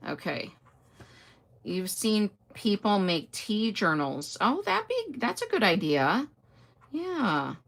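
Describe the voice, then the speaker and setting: A woman's voice: mid-range voice, sing-song, slow pace, vocal fry, fairly bright tone. An older woman hosting a casual live stream, chatting away, greeting viewers by name and answering their comments. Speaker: host.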